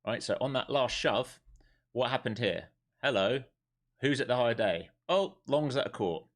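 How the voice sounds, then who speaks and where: A man's voice: mid-range voice, lively intonation, moderate pace. A man live-streaming his day trading who talks bluntly, swears freely and fires questions at his viewers before answering them himself. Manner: wound up and emphatic.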